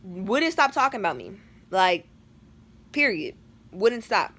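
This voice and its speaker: A woman's voice: medium pitch, big pitch swings, slow, fairly bright tone. A teenage girl telling a storytime vlog in a chatty, dramatic way, full of slang and fillers. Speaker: vlogger.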